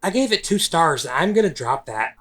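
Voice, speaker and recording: A young man co-hosting a podcast, with a voice a little higher than most men's. He talks casually and drops wry, teasing remarks at the others. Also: sing-song, normal speed, crowd noise. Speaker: podcast co-host. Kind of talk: casual chat.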